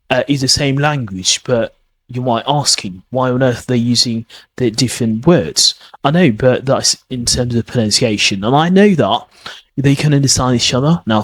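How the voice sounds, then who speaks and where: A man with a husky, slightly breathy voice gives a casual spoken lesson as a podcast host. He rambles a little, leans on fillers like "I mean" and "kind of", and keeps circling back to encourage the listener to practise. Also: mid-range voice, a bit bright, dry recording. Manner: encouraging, repeats key points. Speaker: English pronunciation teacher, podcast host.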